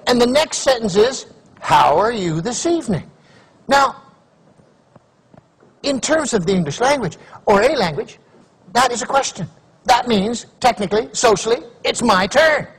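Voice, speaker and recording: Man, middle-aged, from Canada, keynote speaker, humorous stories, acts out voices, high-pitched. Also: normal speed, long pauses, husky. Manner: animated storytelling, acts out voices. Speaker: motivational speaker.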